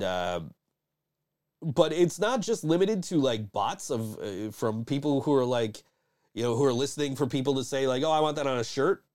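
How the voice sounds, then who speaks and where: A man's voice: mid-range voice, a little mellow. A man hosting a podcast in casual chat, swearing freely and rambling with many restarts. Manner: profane, rambling, frequent restarts and laughs. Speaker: podcast host.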